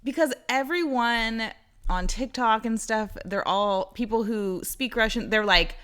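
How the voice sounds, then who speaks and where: A woman co-hosting a podcast in casual chat, enthusiastic and gushing, quick to laugh. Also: fairly high pitch, a bit bright, clear, resonant tone. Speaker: podcast co-host.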